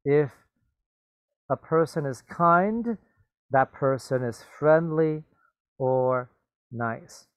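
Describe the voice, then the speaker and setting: A man reads a children's story aloud and stops to explain its words. He talks very slowly and patiently, checking in with his listeners. The recording is close and dry. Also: medium pitch, creaky, no echo, highs cut off. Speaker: teacher.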